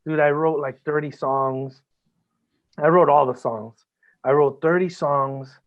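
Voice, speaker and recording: A man speaks as a podcast guest in an emotional, heartfelt conversation. He talks earnestly, swears freely and often stops to restart a sentence. His voice sits fairly high and comes through thin and band-limited, like a phone line. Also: steady tone, measured pace.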